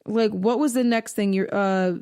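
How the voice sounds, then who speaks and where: A woman's voice: medium pitch, moderate pace, dark tone, smooth. Hesitant woman co-hosting a chat. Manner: hesitant, searching for words. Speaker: podcast co-host. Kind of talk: casual chat.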